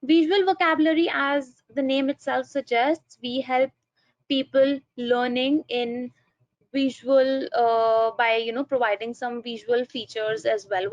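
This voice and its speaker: Young Indian woman trainer, fairly high voice, explanatory and repetitive, on a dull, dry video-call mic. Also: no room sound. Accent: Indian English. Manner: explanatory, repeats phrases while thinking. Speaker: English trainer. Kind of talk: online seminar presentation. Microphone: computer mic on a video call.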